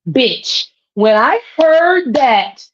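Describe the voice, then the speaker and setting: A woman's voice: sits high, big pitch swings, drawn-out words. A woman co-hosting a casual podcast chat, ranting heatedly with heavy profanity. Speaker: podcast co-host. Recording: dull lo-fi sound.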